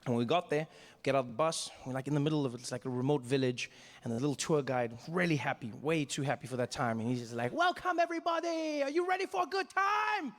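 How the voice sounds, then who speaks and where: A South African man doing stand-up comedy, telling a story with animated delivery. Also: mid-range voice, fast, big-room sound. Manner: animated storytelling, acting out voices.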